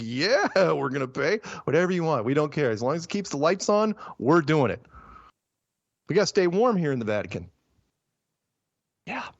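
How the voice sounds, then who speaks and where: Animated sarcastic man hosting a show. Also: a little high, dry recording. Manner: animated, sarcastic, laughing asides. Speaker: host. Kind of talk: casual news commentary. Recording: dull lo-fi sound, dry.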